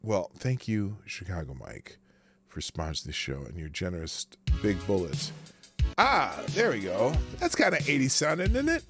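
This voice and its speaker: Lively, bright-voiced sarcastic male stream host. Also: fairly low pitch, moderate pace, soft background music. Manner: sarcastic, mocking, laughs often, swings between loud bursts and mutters. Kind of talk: casual news commentary stream.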